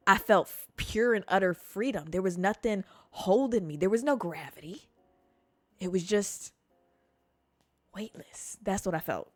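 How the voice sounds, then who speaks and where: A woman podcast host telling a wild story in a casual, animated way, full of swearing and dramatic pauses. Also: fairly low pitch, no room sound.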